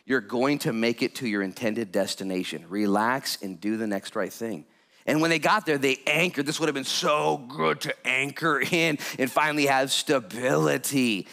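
A male pastor delivering a sermon with lots of energy. He jokes with the congregation and jumps from calm explanation to sudden loud, excited bursts. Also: medium pitch, normal speed, gravelly. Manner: animated, jokey preaching with sudden loud bursts.

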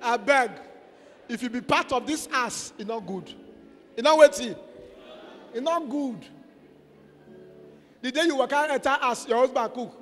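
A Nigerian pastor with a very high, bright, cutting voice, preaching in a playful, exhorting way and now and then shouting. His voice rings in an echoey church hall. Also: normal speed, pauses often, soft background music. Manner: mixes Pidgin, exhorting, playful, bursts into shouts. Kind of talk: sermon.

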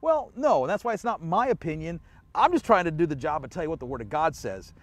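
A man's voice: a little high, sing-song, fast talker, dry recording. A man pastor giving an online church sermon in a conversational way, asking the listener questions and chuckling often.

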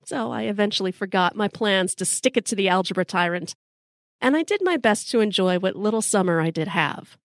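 A woman's voice: medium pitch, expressive, fairly quick, no room sound, clean studio sound. A middle-aged American woman telling a personal story in a wry, casual, sometimes profane way. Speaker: storyteller host.

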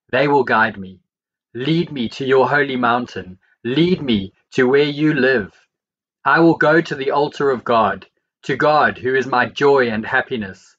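A man reading the Bible aloud, verse by verse, in a steady and measured way. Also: medium pitch, muffled recording. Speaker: Bible reader.

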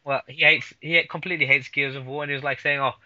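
A man's voice: on the high side, steady tone, fast, pushed and bright, no room sound. A man co-hosting a casual gaming podcast, rambling and stumbling over repeated words. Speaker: podcast co-host. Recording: slightly lo-fi podcast audio.

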